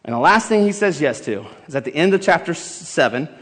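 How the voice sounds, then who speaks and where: A man preaching a sermon, emphatic and building to loud exhortation, in a church sanctuary. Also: on the high side, animated, brisk, breathy edge. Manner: emphatic, rising to shouted exhortation, leads the congregation in song. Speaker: pastor. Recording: long hall reverb with faint music.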